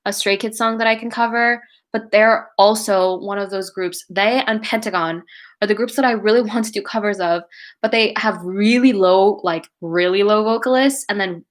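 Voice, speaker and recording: A woman's voice: mid-range voice, normal speed. Chatty young woman hosting a livestream. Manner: chatty and gushing, many "like"s and "oh my God"s. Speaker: livestream host and cover singer. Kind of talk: casual livestream chat reading comments.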